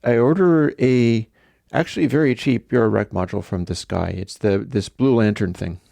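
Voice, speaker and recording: A man hosting a casual livestream tells a story in a rambling, conversational way. His fairly low voice is creaky and warm at a moderate pace, recorded dry and clean in a studio.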